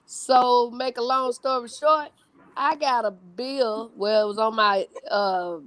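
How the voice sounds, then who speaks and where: A woman's voice: on the high side, steady tone, slow pace, fairly bright tone, no echo. A woman chatting on an online call, telling a folksy story full of "oh, baby" and "honey". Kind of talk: casual chat.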